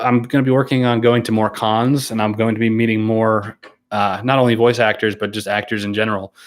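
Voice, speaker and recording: A man with a slightly low voice hosts a casual live stream, reading viewer comments aloud one after another. He answers in an easygoing, unhurried way, pausing on ums and restarting his sentences. He laughs easily as he talks. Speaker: YouTuber hosting a live stream.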